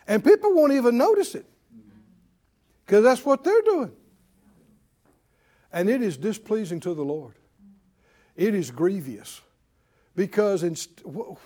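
Animated, high-voiced man preaching. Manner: exhorting, rhetorical questions to the congregation; repeats words when starting phrases. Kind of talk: sermon.

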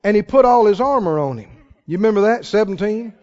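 A man preaching a sermon, telling a Bible story with lively, acted-out dialogue. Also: sits high, fairly quick. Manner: animated storytelling, acting out the people in the tale. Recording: reverberant hall, somewhat dull sound.

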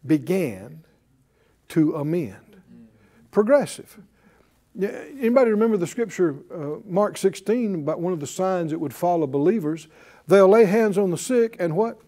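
A man preaching a sermon, asking his congregation questions and acting out shouts of praise. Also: high voice, normal speed. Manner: animated, calls out to the congregation and acts out shouts of praise.

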